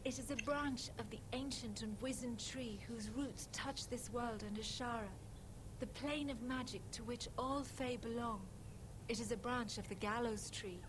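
Casting note: actress as a solemn fae guide in a fantasy game, stately and formal, fairly high voice, clear background noise under the line. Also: female voice, steady tone, normal speed, lightly acted. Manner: formal, stately, archaic phrasing. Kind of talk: video game voice acting.

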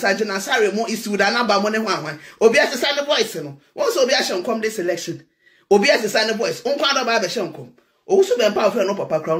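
Loud teasing Ghanaian woman ranting. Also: mid-range voice. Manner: loud, teasing, laughing, switches between Twi and English. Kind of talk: animated political rant.

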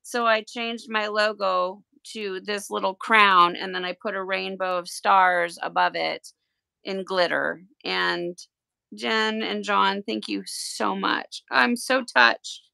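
Gushing woman with a gravelly voice. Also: medium pitch, slow pace, no echo. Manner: gushing and excitable. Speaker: tie-dye livestream host. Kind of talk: casual livestream chat while unboxing.

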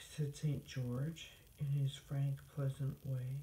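A woman reading a classic story aloud in a calm, steady storytelling manner. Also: a bass voice, slow, hardly any pauses, slight background noise. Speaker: story reader. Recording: roomy echo.

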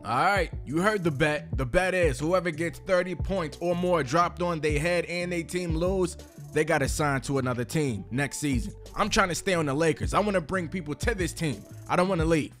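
A man giving hyped gameplay commentary, shouting and trash-talking at the game. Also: a little high, moderate pace. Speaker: gaming video creator. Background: music.

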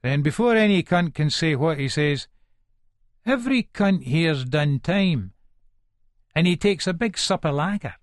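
A man's voice: fairly high pitch, expressive, measured pace, no echo, clean studio sound. An actor with an Edinburgh Scots accent narrating as a volatile, foul-mouthed Leith man in middle age, in a full-cast audiobook. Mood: menacing. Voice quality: coarse, swearing, menacing. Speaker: first-person narrator.

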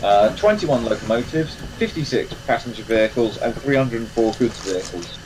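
A man's voice: mid-range voice, animated, moderate pace, noisy background. A man hosting a live game stream, chatting casually and rambling with lots of fillers and restarts. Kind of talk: casual chat while playing a train game.

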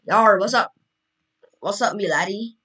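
A woman voicing a broken male pirate animatronic in a raspy put-on pirate voice, growling out her lines. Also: mid-range voice, measured pace, sharp tone. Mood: gruff cheer. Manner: growling "yar" pirate talk.

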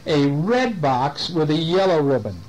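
A man's voice: a little high, sing-song, a little slow, darkish tone, rough recording. An older man at home reading a picture book aloud to children, with playful questions to the kids. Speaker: storyteller.

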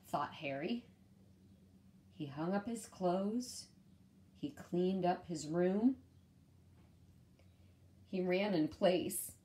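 Woman reading a kids' bedtime story, gentle teacher manner, unhurried, warm dark tone. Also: lowish voice, expressive, a little hiss or hum. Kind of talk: children's read-aloud.

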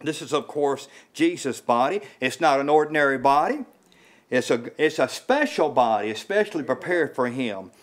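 A man preaching an informal sermon in a small house church, halting and repeating words with many fillers, his voice rising when he stresses a point. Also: mid-range voice, lively intonation. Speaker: lay preacher.

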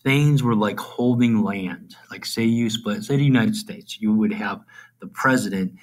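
A man with a lowish voice delivers an informal recorded lesson. He checks in constantly with a quick "okay?" and slips into quiet, whispery asides while explaining. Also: poor audio. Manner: trails off into low, whispery asides. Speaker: teacher. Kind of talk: recorded classroom lecture.

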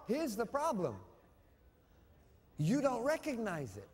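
High-voiced male preacher in a reverberant hall. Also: lively intonation, a little slow. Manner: call-and-response preaching, swings from shouting to hushed. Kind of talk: sermon. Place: church hall with a congregation.

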